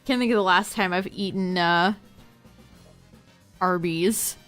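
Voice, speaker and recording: A woman's voice: on the low side, takes it slowly, a bit bright, soft background music. A young woman streaming a game, chatting playfully and giggling often. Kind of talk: casual chat while streaming a game.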